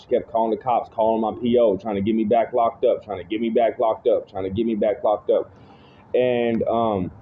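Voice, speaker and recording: Man with tinny phone-line sound. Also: lowish voice. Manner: rambling, with constant restarts and "you know what I'm saying". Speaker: speaker giving personal testimony. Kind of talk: casual spoken testimony. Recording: tinny phone-like audio with faint noise.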